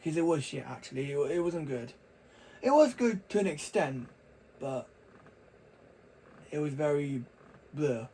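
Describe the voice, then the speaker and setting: A man's voice: on the high side, lively intonation, unhurried, pauses often, dark tone, a little hiss or hum, rough recording. A young man talking casually to camera, rambling and chatty with frequent restarts. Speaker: vlogger.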